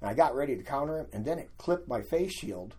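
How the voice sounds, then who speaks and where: An older man, a guest, telling lively anecdotes in a casual storytelling way and acting out what other people said. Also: medium pitch, fast talker, breathy edge. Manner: animated anecdotes, acting out quoted voices.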